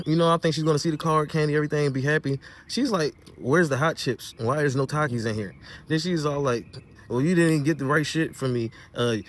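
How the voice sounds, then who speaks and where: A young man rattles through his side of a breakup in a rapid, heated rant. His voice sits a little high for a man. He acts out everyone's lines, swinging from quiet to loud. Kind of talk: heated personal storytelling rant.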